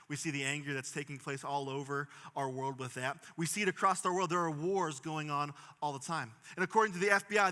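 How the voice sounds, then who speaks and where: A man's voice: a little high, sharp tone. A man in his thirties preaching a sermon in a church, telling stories, joking and drawing the congregation in. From Pittsburgh, USA. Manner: storytelling, jokey, works the crowd. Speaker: pastor. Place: large church hall. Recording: long hall reverb.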